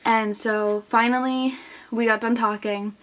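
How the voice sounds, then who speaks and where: A woman's voice: fairly high pitch, steady tone, unhurried, a bit bright. A young woman casually telling a personal story to camera as a vlogger, chatty and full of "like", quoting what others said. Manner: chatty, heavy use of "like", retelling with quoted voices.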